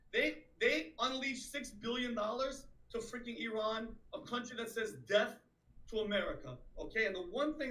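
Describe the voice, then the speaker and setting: A man's voice: high-pitched, pushed and bright, roomy sound, far from the mic, low-quality recording. A man co-hosting a live stream, giving casual political commentary and starting his points hesitantly with fillers and restarts. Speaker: co-host of the stream.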